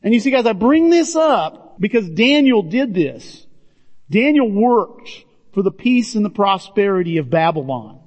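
Male pastor, high voice, earnest direct sermon; muffled church recording with long reverb. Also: sing-song, a little slow, a little mellow. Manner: earnest, addresses listeners as "guys". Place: church sanctuary. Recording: dull, reverberant hall sound.

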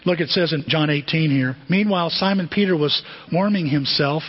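A middle-aged man preaching a sermon as pastor, animated and conversational, often asking the congregation questions. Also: a little high, normal speed, husky. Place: church sanctuary. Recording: dull, muffled sermon recording with long hall reverb.

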